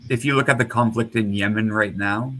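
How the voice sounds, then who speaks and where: A man's voice: on the low side, fairly even intonation, fairly quick, rough recording. A man talking in a casual online panel chat, rambling and hesitant, over a computer mic. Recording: hum of a loud computer fan.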